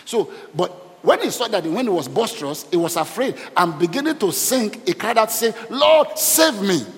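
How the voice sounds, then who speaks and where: A man's voice: sits high, animated, brisk. A man preaching a sermon as pastor and asking the congregation questions as he goes. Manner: asks the congregation questions, preaching with call and response. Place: church hall. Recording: reverberant church hall.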